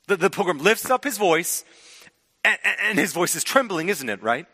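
A man preaches a sermon in a bright, ringing voice. He pushes some words out loudly and lets others fall to a near-whisper. His voice carries a long reverb from a large hall. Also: high-pitched, normal speed, breathy edge. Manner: expressive preaching, swings from loud to hushed. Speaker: pastor.

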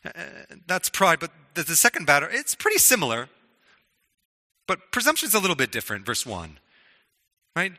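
Man, pastor, sermon, earnest and conversational, crisp bright tone, reverberant hall. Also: fairly high pitch. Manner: earnest, conversational preaching with frequent restarts.

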